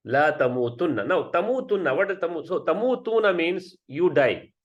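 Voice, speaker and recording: A man's voice: a little high, expressive, moderate pace. Patient man teaching Arabic grammar. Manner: patient, explains step by step, checks with "right?". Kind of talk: classroom explanation. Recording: dull lo-fi sound.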